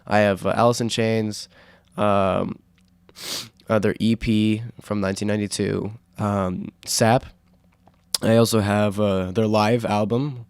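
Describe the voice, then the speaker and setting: A young man hosting a casual solo podcast, rambling with fillers and restarts, his throat sore from yelling. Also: lowish voice, steady tone, unhurried, creaky, clean tone, dry recording. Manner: rambling, full of fillers and self-corrections. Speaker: podcast host.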